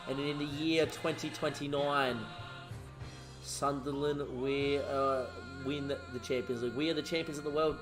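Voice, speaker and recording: A young man commentating his own football management game, excitable and chatty. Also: medium pitch. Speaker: gaming YouTuber.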